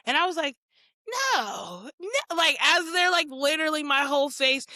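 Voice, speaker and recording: A woman's voice: sits high, expressive, normal speed, bright, forceful tone, no echo. A woman hosting a podcast in casual chat, laughing often and acting out her own reactions as quotes. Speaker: podcast host.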